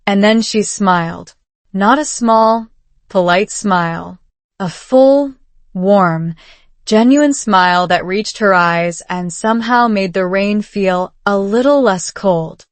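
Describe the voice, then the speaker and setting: A woman narrating a first-person story slowly and clearly, for learners. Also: mid-range voice, no room sound. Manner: slow, clear reading for learners. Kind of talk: slow scripted story narration.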